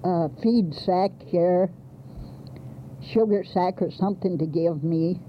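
A slow, unhurried woman recounts her past in plain, homespun speech. Her words come earnest and direct, broken by small pauses. The sound is dull and carries a faint hiss, like an old archival tape. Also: on the low side. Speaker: midwife telling a life story. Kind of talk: plain spoken storytelling.

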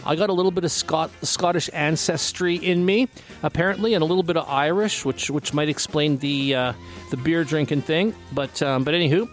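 A man's voice: a little high, fairly quick, soft background music. A Canadian man hosting a radio show in a casual, rambling chat full of fillers and restarts. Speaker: radio host.

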